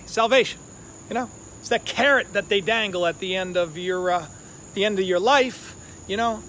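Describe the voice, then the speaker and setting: High-voiced man preaching casually. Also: a bit bright, a little hiss or hum. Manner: conversational, with many fillers and tag questions. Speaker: online preacher, channel host. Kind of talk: casual sermon.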